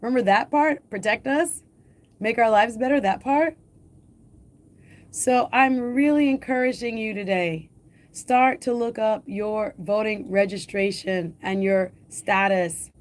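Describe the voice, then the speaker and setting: A woman's voice: on the high side, measured pace. A woman hosting a radio talk show, speaking urgently and emphatically to her listeners, repeating key points and asking rhetorical questions.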